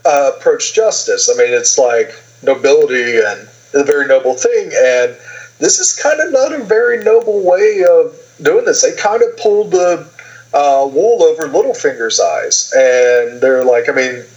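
A man's voice: on the high side, expressive, normal speed, a little mellow, muffled recording. A man co-hosting a podcast, retelling a TV season in a rambling way with lots of fillers and quoted lines. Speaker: podcast co-host. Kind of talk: casual TV recap chat.

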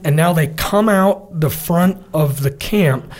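A man's voice: on the high side, a little slow. A middle-aged man, a military veteran, telling a war story in casual conversation and acting out what his comrades said. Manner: vivid storytelling, animated quoting of comrades.

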